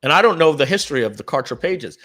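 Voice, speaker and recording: A man co-founding a company tells a long story on a live stream in casual talk. He clears his throat often, restarts and repeats words, and acts out what others said. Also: on the high side, fast. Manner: animated, acts out the dialogue of others.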